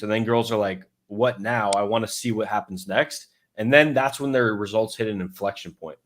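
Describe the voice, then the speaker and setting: Male dating coach, casual explainer, mid-range voice, chatty and loose, restarts a lot. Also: mid-range voice. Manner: loose and conversational, many fillers and restarts, acts out his own inner thoughts.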